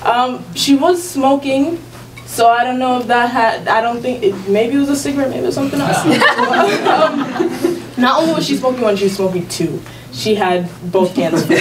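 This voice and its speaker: A woman's voice: on the high side, lively intonation, normal speed, background noise. A teenage girl telling a personal story at a school event, talking casually with lots of fillers and laughter. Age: teens. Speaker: student storyteller. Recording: distant mic with faint room ambience.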